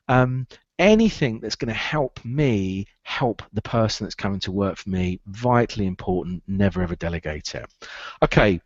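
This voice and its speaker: A man's voice: lowish voice, expressive, normal speed, no room sound, muffled recording. A man giving a training talk on running a recruitment business, emphatic and repeating key phrases to drive them home.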